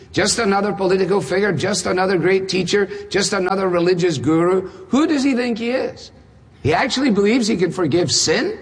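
A man delivers a sermon in a slightly husky, fairly high voice, driving home points with strings of rhetorical questions and dry humor. His voice rings out with a long reverb, as in a large church hall. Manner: rhetorical questions, wry asides, dramatic emphasis. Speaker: preacher.

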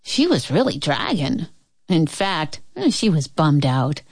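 A woman's voice: low voice, measured pace, no echo. Woman reading a picture book aloud. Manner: expressive and playful. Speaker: storybook reader.

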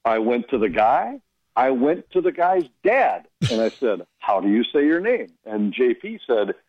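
A man who works as a hockey broadcaster, telling stories in casual radio chat with an animated, amused manner. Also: medium pitch, unhurried, breathy edge, no room sound, muffled recording.

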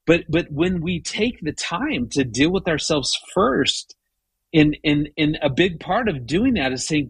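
A middle-aged man telling a story in a casual conversation, animated and full of restarts. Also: on the high side, measured pace, husky, no room sound. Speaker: guest.

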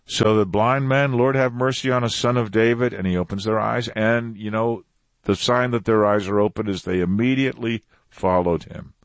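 A man's voice: lowish voice, steady tone, moderate pace, no echo. A man teaching a Bible passage in a conversational way, repeating phrases for emphasis. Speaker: preacher.

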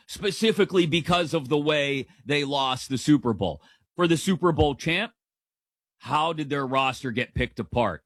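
A man's voice: fairly high pitch, fairly bright tone, dry recording, studio quality. A man in his forties hosting a sports podcast, giving playful, emphatic opinions in casual commentary.

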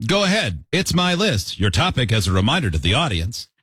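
A man's voice: mid-range voice, sing-song, brisk, fairly bright tone, breathy edge, no echo, studio quality. A man hosting a casual podcast chat, joking and poking fun at himself. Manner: joking, self-mocking. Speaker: show host.

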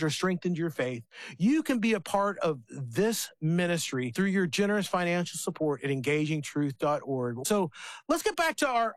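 A man's voice: sits high, no room sound. A man, likely in his thirties, hosting a faith radio talk show and telling family stories with many restarts. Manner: animated storyteller, many restarts.

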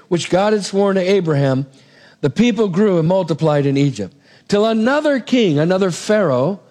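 A middle-aged man preaching a sermon, retelling a Bible story in a lively way and acting out the characters' voices. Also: a little high.

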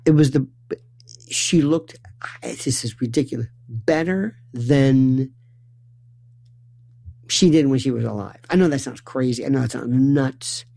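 A man telling a rambling comic monologue, repeating and restarting words in quick bursts. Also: creaky, dry recording. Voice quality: animated, acts out quoted voices with big pitch jumps. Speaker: storyteller.

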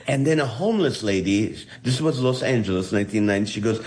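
A comedian from the Middle East with a slightly low voice recounts his life in an interview. He tells it with animation and slips into the voices of the people he describes. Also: a little fast, hardly any pauses, a little mellow. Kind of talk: storytelling testimony in an interview.

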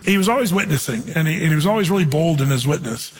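A man with a fairly high, husky voice delivers a sermon in a relaxed, chatty manner, telling stories and slowing down to read scripture. His voice carries a long reverb, as if from a church sanctuary. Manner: conversational, storytelling, slows for scripture reading. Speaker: pastor.

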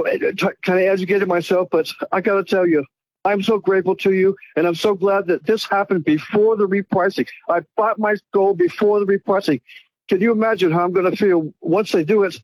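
A man's voice: high voice, a little mellow, rough recording. A man calling into a radio show, speaking in an emotional, grateful and rambling way. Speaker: caller. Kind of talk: call-in radio talk.

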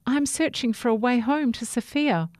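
A woman voicing a brave, hopeful little male toothbrush in a storybook reading, speaking high, eager and slow. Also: darkish tone, dry recording, studio quality, natural voice. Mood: earnest.

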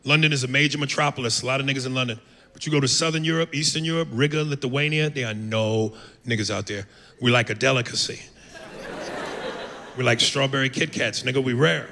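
A man's voice: mid-range voice, fairly quick, vocal fry, noisy background. A man from the United States doing a brash, profane stand-up set on a comedy club stage. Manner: brash, profane, acts out accents. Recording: long hall reverb.

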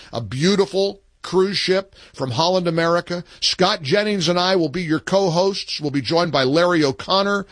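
A man's voice: a little high, no echo. A man hosting a talk radio show, speaking emphatically from a studio microphone. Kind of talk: talk radio, reading a post and taking calls.

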